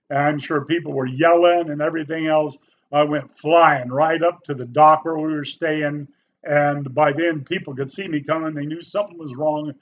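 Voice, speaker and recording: Earnest man telling a personal story. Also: on the high side. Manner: folksy, earnest, animated when quoting people. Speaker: youth pastor. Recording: slightly dull, faint background noise.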